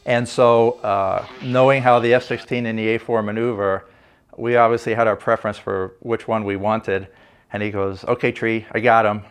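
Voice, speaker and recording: An older man, a former Navy fighter pilot, telling a story for a documentary interview in a relaxed, anecdotal way with frequent fillers. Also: fairly low pitch, normal speed, clean tone.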